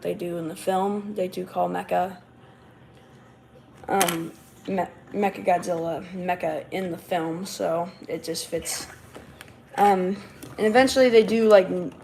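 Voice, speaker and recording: A woman's voice: medium pitch, a little mellow, slight background noise. A woman hosting a casual livestream, rambling along with lots of fillers and false starts. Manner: rambling, many fillers and restarts. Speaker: livestream host.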